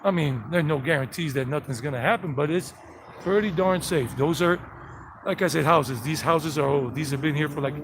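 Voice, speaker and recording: A man with a Southern US accent gives a chatty, rambling walking tour outdoors on residential streets. His voice sits a little high and carries a gravelly fry, with faint street noise behind him. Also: brisk. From South Carolina and Georgia, USA. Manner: rambling, chatty, greets viewers by name. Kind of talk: live-streamed walking tour narration.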